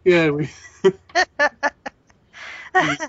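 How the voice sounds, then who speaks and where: A man with a husky voice trading mocking comments and exclamations during a comedic story reading. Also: high-pitched, sing-song, very slow, lo-fi sound, slight background noise. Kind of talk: comedic banter.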